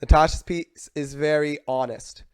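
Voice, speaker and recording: A man's voice: on the high side, fairly even intonation, normal speed, smooth. A man with a slightly raised voice talks loosely on a podcast, playful and teasing. He spins long anecdotes in an easy, conversational way. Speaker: podcast co-host. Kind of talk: casual chat.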